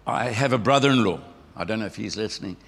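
A man's voice: on the low side, fast talker, a bit bright, husky. An older South African man telling a folksy testimony in church, with a frog in his throat. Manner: folksy storytelling, acting out remembered voices. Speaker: church member giving testimony. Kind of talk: conversational testimony sermon. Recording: long hall reverb.

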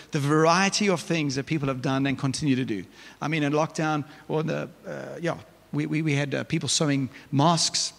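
A male pastor, preaching a lively, conversational sermon with frequent restarts. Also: on the high side, creaky. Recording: reverberant church hall.

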